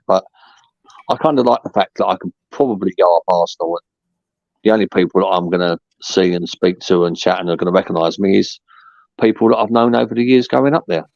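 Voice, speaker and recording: A man's voice: sits low, gravelly, a little mellow, no room sound, muffled recording. A man chatting casually as a podcast guest, rambling with plenty of fillers. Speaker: podcast guest, merchandise seller. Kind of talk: casual chat.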